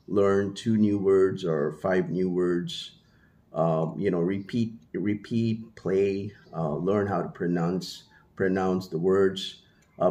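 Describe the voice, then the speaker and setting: A man with a low, deep voice chats casually to his camera. He rambles, stopping to restart his sentences and filling gaps with "you know" and "um". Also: darkish tone. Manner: rambling, many fillers and restarts. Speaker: travel vlogger. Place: living in Vietnam.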